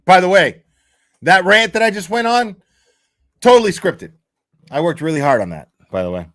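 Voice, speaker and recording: A man's voice: high-pitched, big pitch swings, normal speed, a bit bright. A man hosting a livestream, chatting casually in profane, rambling, jokey rants. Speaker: livestream host.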